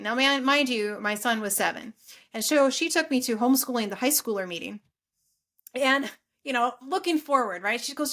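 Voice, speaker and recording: A middle-aged woman guest on a podcast, talking in a fairly high voice. She tells her story in a chatty, animated way and slips into other people's voices for quoted lines. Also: moderate pace. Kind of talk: casual storytelling interview.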